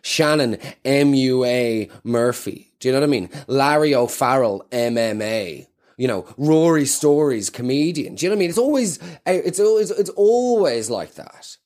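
Sweary, rambling South Dublin comedian. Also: male voice, medium pitch, expressive, normal speed, darkish tone. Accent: South Dublin Irish. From Ireland. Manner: rambling, sweary, self-mocking. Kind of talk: stand-up comedy.

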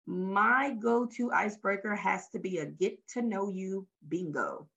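Speaking at a measured pace in a creaky, mid-range voice, this guest is a workshop facilitator in talent development. She comes from Louisiana, has a Southern US accent, and tells animated stories in a casual interview, performing her workshop lines. The audio sounds muffled.

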